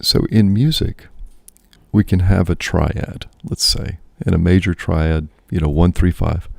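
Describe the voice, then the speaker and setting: A man's voice: low voice, steady tone, unhurried, vocal fry, no echo. A man, a priest and host, musing aloud in casual spoken reflection, often checking in with "right?".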